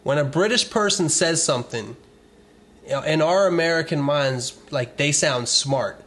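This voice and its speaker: A man's voice: fairly high pitch, fairly bright tone. A man hosting a casual podcast, joking crudely and riffing on silly scenarios. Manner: crude, joking, quick to riff. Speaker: podcast host.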